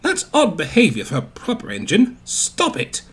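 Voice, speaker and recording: A man's voice: high-pitched, wildly swooping pitch, normal speed, voice pushed up. A man voicing a proud, indignant little male tank engine in a storybook. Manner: huffy, prim.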